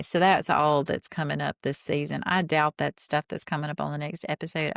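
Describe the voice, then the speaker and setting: A woman's voice: sits low, gravelly, fairly bright tone, no echo, studio quality. A woman hosting a podcast, casually recapping a reality show in an opinionated way, retelling scenes through quoted lines and throwing in sarcastic asides.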